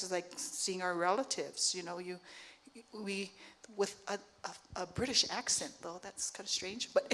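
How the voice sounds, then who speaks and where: Middle-aged woman from Hawaii, panel speaker, relaxed, with lots of ums and you-knows. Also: mid-range voice. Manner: relaxed, thinking aloud with many fillers. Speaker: artist and professor, panel speaker. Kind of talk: panel conversation.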